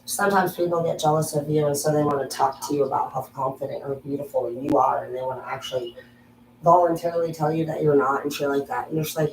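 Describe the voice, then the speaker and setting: A woman's voice: deep voice, fairly even intonation, quick pace, a little hiss or hum. A woman vlogger going on a crude, brash, rambling monologue. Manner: crude, brash, goes off on tangents. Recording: echoey room, voice from a distance.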